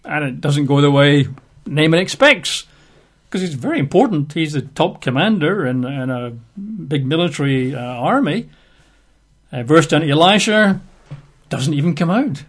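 Man, preacher, sermon, storytelling, chatty asides, very expressive pitch. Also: measured pace. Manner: animated storytelling with asides and chuckles. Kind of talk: Bible teaching sermon.

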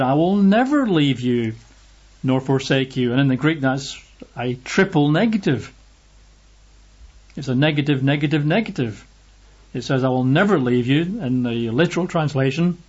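A man's voice: mid-range voice, breathy edge, muffled recording. A man preaching a sermon and reading Bible verses aloud, stressing his points by repeating phrases.

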